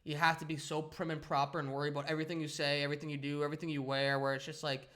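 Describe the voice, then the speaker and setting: A man's voice: fairly high pitch, level tone, racing, a bit bright. A young man co-hosting a podcast, talking casually and rambling with many restarts and "like" fillers. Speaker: podcast co-host. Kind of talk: casual chat.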